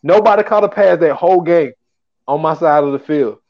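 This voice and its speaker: Man, podcast host, casual rambling talk, somewhat high pitch, muffled lo-fi recording. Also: brisk. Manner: rambling, fills with "you know what I'm saying". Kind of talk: casual chat.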